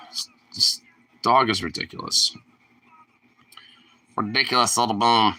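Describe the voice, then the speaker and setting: A man's voice: on the low side, measured pace, bright, forceful tone. A young man casually filming his dog and teasing it in playful baby talk.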